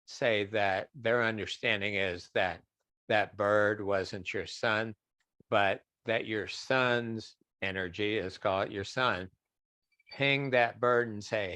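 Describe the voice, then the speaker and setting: Man, low voice, dry close sound, chatty webinar guest, acts out little quotes. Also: slow pace, bright, forceful tone, no echo. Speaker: guest speaker answering questions. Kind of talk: online webinar Q&A.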